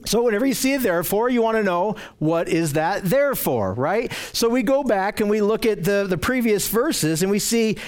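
A man's voice: high-pitched, lively intonation, moderate pace, hardly any pauses. A man teaching a verse-by-verse sermon as a pastor, reading scripture aloud and explaining it with repeated emphasis. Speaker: pastor teaching a Bible study. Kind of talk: expository sermon. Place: church with slides on a screen.

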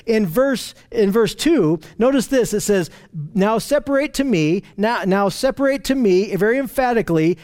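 A man's voice: high-pitched, darkish tone. A man leading a conversational Bible study, repeating and restarting phrases, pointing out what to notice and putting questions to his group.

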